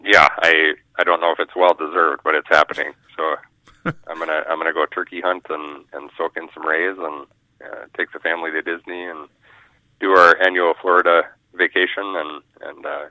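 Deep-voiced fishing guide on a phone line. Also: male voice, flat delivery, moderate pace, dry recording. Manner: rambling, repeats words, many fillers. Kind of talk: casual radio interview.

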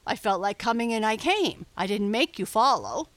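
A woman's voice: on the high side, sing-song, moderate pace, fairly bright tone, dry recording. Stubborn bellwether ram, read by a woman: defensive, grumbling, huffy. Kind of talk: storybook reading.

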